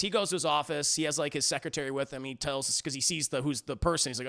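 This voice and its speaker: A man's voice: on the high side, steady tone, quick pace, gravelly, few pauses, a bit bright. A man reviewing music on a live stream, recapping a story in a rambling, profane way, with many fillers and restarts.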